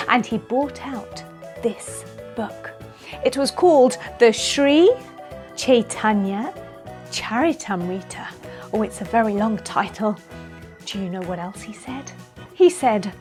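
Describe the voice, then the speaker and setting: High, bubbly woman storyteller for kids. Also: a little slow. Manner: expressive, playful, speaks directly to children. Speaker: children's storyteller. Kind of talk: animated storytelling for children. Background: faint music.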